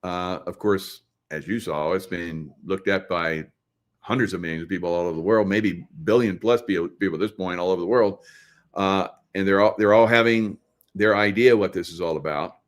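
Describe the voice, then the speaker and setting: A man's voice: low-pitched, moderate pace. A middle-aged man hosting casual political commentary, rambling with many fillers and tag questions. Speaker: host.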